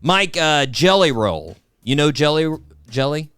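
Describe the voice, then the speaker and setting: A man hosts a casual podcast, wry and sarcastic as he talks to his co-host. His voice swings widely in pitch and sounds smooth and resonant. The recording is dry and close. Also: very animated, unhurried, fairly bright tone, dry recording. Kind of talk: casual chat.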